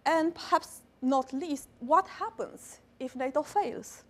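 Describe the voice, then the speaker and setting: A woman's voice: high voice, slow pace. A woman moderating a live panel discussion, asking long, formally structured questions.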